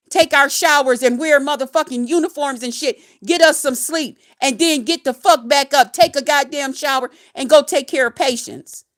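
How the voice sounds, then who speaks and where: A woman with a high voice delivers an angry, profane rant straight to her viewers. She talks in a heated, emphatic way, piling on curses and insults. She works as a nurse and vlogs on the side. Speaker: nurse and vlogger.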